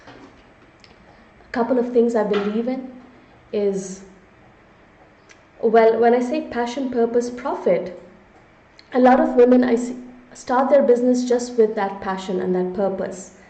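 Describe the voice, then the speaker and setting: A middle-aged woman hosting a live online webinar, presenting upbeat and often checking in with her viewers with a quick "okay?". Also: a little high, steady tone, warm tone. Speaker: webinar host and business strategist. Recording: echoey room, slightly dull lo-fi sound.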